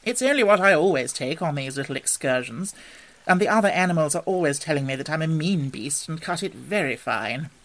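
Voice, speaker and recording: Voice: medium pitch, animated, fairly quick, a bit bright. A reader voicing a genial, leisurely male water rat who talks dreamily and with relish about life on the river, in a storybook reading. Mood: matter-of-fact. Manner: dreamy, enthusiastic, expansive.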